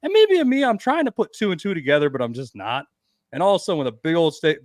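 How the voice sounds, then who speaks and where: A man's voice: on the high side, big pitch swings, fast talker, no room sound. A middle-aged man on a podcast, telling crude stories in casual chat and acting out the voices of the people in them. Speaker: podcast guest.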